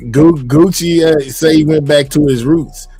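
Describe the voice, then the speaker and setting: A man's voice: on the high side, unhurried, dark tone, soft background music. A man hosting a livestream in casual, laid-back talk full of slang. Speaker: livestream host. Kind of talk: casual chat.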